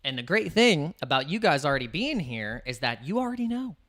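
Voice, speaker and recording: A man's voice: on the high side, sing-song, brisk, a bit bright. A man hosting a casual crypto livestream, chatty and rambling, hyping up his viewers.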